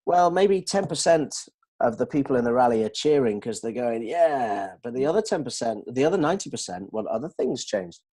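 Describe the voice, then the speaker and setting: Husky guy walking colleagues through examples, asks if it makes sense. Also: mid-range voice, brisk. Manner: animated, explains with examples and checks understanding. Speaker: dental communication trainer. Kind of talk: explanatory discussion.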